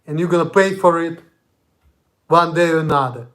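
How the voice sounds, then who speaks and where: A young man from Russia vlogs in an angry, confrontational monologue laced with profanity. He has a Russian accent and a fairly high, fairly bright voice at a moderate pace.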